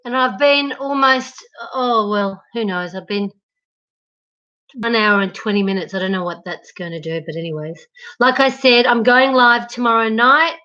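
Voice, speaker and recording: This lo-fi clip captures a woman hosting a relaxed home livestream, addressing her audience through a laptop mic as she moves between rooms. Her pitch is fairly high, her tone sharp, and her pace moderate.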